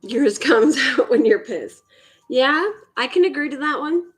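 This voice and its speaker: A woman's voice: fairly high pitch, very animated, normal speed. A woman from Mississippi with a Southern accent, chatting casually and rambling while she beads on a livestream. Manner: rambling, offhand, swears casually. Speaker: livestream host. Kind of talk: casual chat while beading.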